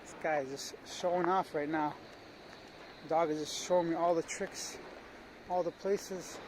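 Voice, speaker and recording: A man's voice: fairly high pitch, steady tone, unhurried. Chatty guy vlogging outdoors. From Canada. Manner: chatty, talks straight to viewers and to stray dogs. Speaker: travel vlogger. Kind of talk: casual walking vlog. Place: outdoors on old city streets. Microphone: handheld camera while walking. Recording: outdoor street noise.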